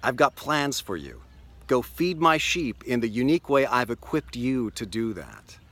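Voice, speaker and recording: A man's voice: medium pitch, very animated, measured pace, a bit bright, exaggerated voice. A man voicing Jesus as a friendly, encouraging man in a devotional retelling. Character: kindly adult male Jesus calling to fishermen.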